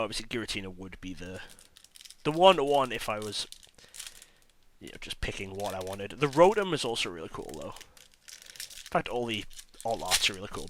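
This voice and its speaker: A man hosting a card pack-opening video, hoarse from illness, chatting and mocking his own voice as he lists each card. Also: on the low side, fairly bright tone, slight background noise. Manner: chatty, self-mocking, listing cards as he goes. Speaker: card-opening channel host. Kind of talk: casual pack-opening commentary.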